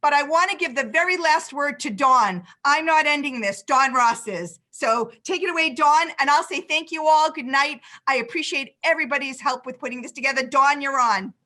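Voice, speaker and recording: Woman event organizer, high bright voice, gushing thanks to sponsors over a video call. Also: normal speed, few pauses. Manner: effusive, enthusiastic thanks.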